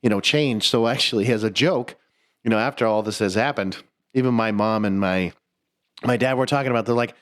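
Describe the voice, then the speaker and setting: Young man, podcast co-host, casual storytelling, animated, swears a lot, laughs while talking. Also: lowish voice, fairly quick. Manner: animated, profane, laughs mid-sentence, stumbling restarts.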